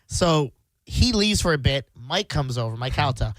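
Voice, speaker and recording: A man's voice: medium pitch, sing-song, moderate pace, fairly bright tone, no echo. A man on a talk radio show, casually telling a story, acting out the quotes and laughing often.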